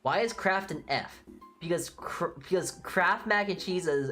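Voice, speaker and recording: A woman's voice: lowish voice, measured pace, a bit bright, soft background music. A woman streamer chatting casually on a live stream, blunt and opinionated, with casual swearing.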